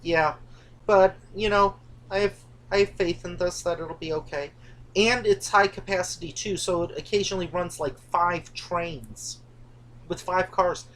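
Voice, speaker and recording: A woman's voice: fairly low pitch, measured pace. Chatty woman hosting a coaster talk, teasing, just sitting at home. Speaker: co-host of a coaster channel. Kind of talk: casual chat. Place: indoors, dim room at home.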